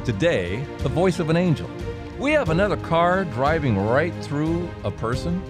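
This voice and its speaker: A man hosting a storytelling podcast, animated and playful, teasing himself between stories. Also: a little high, moderate pace, music in the background. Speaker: podcast host.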